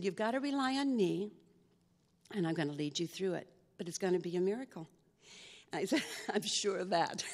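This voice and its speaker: A woman tells her faith testimony as an earnest story, acting out the conversations she had. Her mid-pitched voice has a gravelly edge. She is heard with a long reverb, as if in a large hall. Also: darkish tone. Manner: earnest, re-enacts conversations in dialogue. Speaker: speaker sharing a personal faith testimony.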